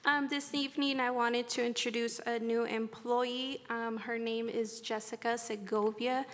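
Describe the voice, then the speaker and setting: A woman's voice: on the high side, flat delivery, measured pace, a bit bright. A woman serving as city clerk, politely introducing a new employee at a council meeting. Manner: polite, brief. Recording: reverberant council chamber.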